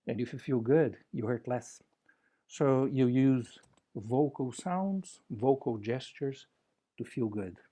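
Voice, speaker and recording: A man's voice: medium pitch, slow, mellow. A man giving a conference talk with vocal exercises, speaking playfully and slipping into lilting, sung syllables. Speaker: workshop presenter.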